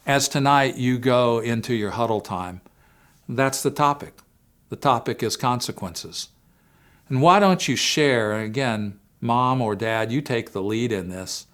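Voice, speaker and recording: With a medium-pitched voice, a Christian family-series speaker shares a personal story with parents at a faith-based family talk. He is earnest throughout, alternating between hushed and emphatic delivery.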